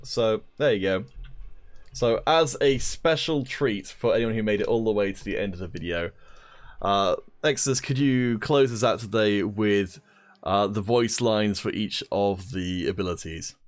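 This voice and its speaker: A British man co-hosting a casual stream, joking and quick to laugh. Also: on the low side. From Britain. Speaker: co-host. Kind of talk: casual chat.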